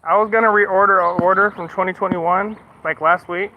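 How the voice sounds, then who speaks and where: A high-pitched, steady-toned male streamer from the US talks at a moderate pace in casual livestream chat. His rant is full of swearing before he turns apologetic, heard through slightly muffled audio with a little hiss or hum.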